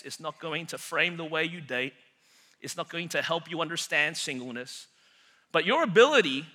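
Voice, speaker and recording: A man's voice: high-pitched, bright, forceful tone. A man in his forties with an Australian accent, preaching a sermon as a pastor, joking with the congregation and then growing earnest. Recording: long hall reverb.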